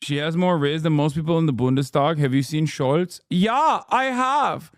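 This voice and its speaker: A man's voice: on the high side, steady tone, brisk, darkish tone, no echo, clean studio sound. A man in his thirties giving sarcastic, incredulous commentary on a live stream while reacting to a news report.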